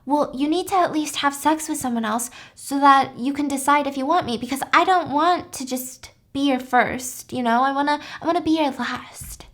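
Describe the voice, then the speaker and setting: A woman's voice: high-pitched, normal speed, few pauses, fairly bright tone. A woman voicing a desperate, manipulative young woman patient in a casually retold story, speaking in a pleading, persuasive way. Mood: insistent.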